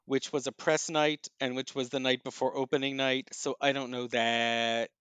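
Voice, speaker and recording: A man reviewing plays and films in a casual chat, thoughtful and often pausing with ums and restarts. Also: mid-range voice, level tone, a bit bright, clear, resonant tone, no echo. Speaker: theater and film critic.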